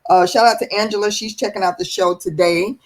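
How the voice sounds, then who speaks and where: Woman livestream host, chatty and lively, greets viewers one by one. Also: mid-range voice, fairly quick. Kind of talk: live-stream chat show.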